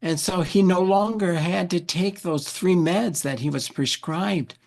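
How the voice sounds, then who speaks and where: A man with a gravelly, fairly high voice tells a long story as an interview guest. He is animated and acts out what others said, often repeating words as he goes. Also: a little slow. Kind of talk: anecdotal storytelling.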